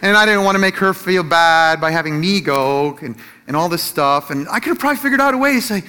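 A middle-aged man telling a personal story in a sermon, animated and self-laughing, acting out what others said. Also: high voice, fast, hardly any pauses. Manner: animated storytelling, acts out quotes, laughs at himself. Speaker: Christian teacher or pastor.

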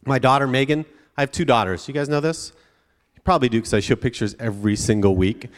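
A pastor preaching to students in a chatty way, often checking in with the crowd by asking "right?". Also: male voice, medium pitch, quick pace, long reverb tail. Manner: conversational, frequent tag questions. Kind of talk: sermon to students.

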